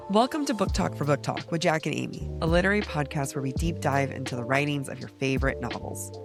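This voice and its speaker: A woman co-hosting a book podcast in casual chat, slightly raspy and stuffed up from a cold, playful and quick to laugh. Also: sits low, expressive, over music. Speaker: podcast co-host.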